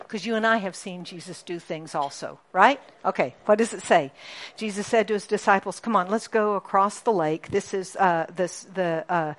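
Animated woman preaching a sermon. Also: mid-range voice. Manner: animated, asks the congregation questions, emphatic repetition. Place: church congregation.

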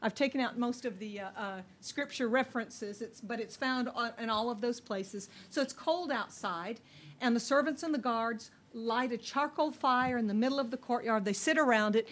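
A woman teaching a Bible passage to a group, telling the story in a lively way and asking her listeners questions. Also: on the high side, moderate pace. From United States.

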